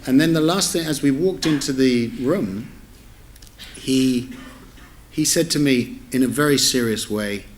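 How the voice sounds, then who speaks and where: A middle-aged man speaks at a measured pace in a mid-range voice, with slight background noise. As a newspaper editor at a public lecture in a lecture theatre with an audience, he tells a rambling, amused anecdote, chatty and self-interrupting, full of corrections and asides.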